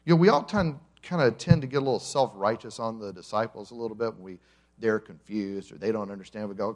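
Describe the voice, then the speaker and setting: A man's voice: on the low side, fast talker. A male pastor giving a conversational sermon to a congregation, telling the story with humor and acting out the characters. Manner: animated storyteller, acts out quotes with humor. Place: church service before a congregation.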